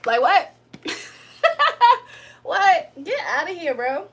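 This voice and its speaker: A woman's voice: high-pitched, animated, slow pace, a bit bright, slight background noise. A woman hosting a livestream of spiritual card readings, talking bluntly with heavy profanity, venting her irritation between readings. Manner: blunt, profane, annoyed venting with frequent laughs. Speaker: spiritual reader and livestream host. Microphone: streaming setup.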